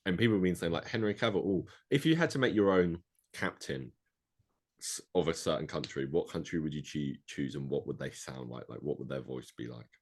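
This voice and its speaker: A man from Europe co-hosting a loose, casual podcast chat, playful and teasing and quick to laugh. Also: very deep voice. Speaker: podcast co-host.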